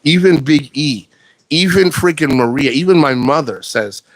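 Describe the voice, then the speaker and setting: A man's voice: on the high side, moderate pace, dry recording. A man talking casually to camera in a blunt, profane, rambling way, restarting his sentences often. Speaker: vlogger.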